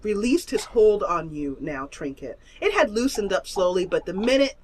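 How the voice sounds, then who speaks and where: A woman's voice: medium pitch, very animated, normal speed. Giggly woman running a tabletop game. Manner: playful, giggly storytelling with flowery descriptions. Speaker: game master. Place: online voice call.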